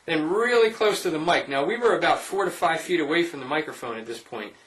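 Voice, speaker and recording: A man's voice: a little high, expressive, fast, fairly bright tone, reverberant, distant mic, low-quality recording. Casual man narrating ghost-hunt evidence. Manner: informal, speaks directly to viewers. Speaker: paranormal investigator presenting evidence. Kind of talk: casual voice-over narration of clips.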